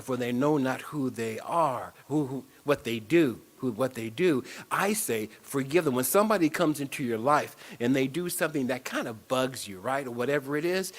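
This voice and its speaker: A man's voice: fairly high pitch, fairly bright tone. A man preaching a sermon in a church, leading affirmations and prayer with repeated phrases. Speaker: spiritual speaker.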